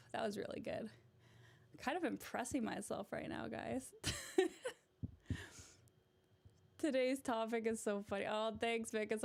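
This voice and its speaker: A woman's voice: a little high, gravelly, darkish tone. Giggly woman chatting on a livestream. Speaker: livestream host. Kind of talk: casual livestream chat.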